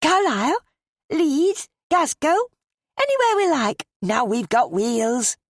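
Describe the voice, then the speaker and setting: A practical, kind-hearted young woman, gentle and sympathetic in her speech with a light, playful edge, as a woman narrator puts her on. The recording is close and dry. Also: mid-range voice, animated, moderate pace, breathy edge, no echo.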